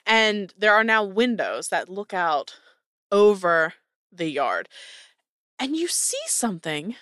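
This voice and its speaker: A woman narrating as game master of a tabletop game, describing scenes in a lively way. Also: mid-range voice, slow, no room sound, clean studio sound.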